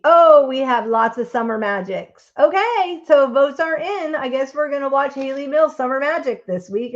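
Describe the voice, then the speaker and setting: A rather high-pitched woman hosts a live stream in a loose, rambling, chatty way, answering the chat as she goes. Her voice comes through dull and lo-fi, with the top end muffled.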